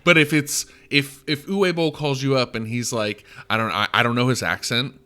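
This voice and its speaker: A young man co-hosting a casual movie podcast, rambling and trailing off softly. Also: medium pitch, steady tone, moderate pace, smooth. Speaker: podcast co-host.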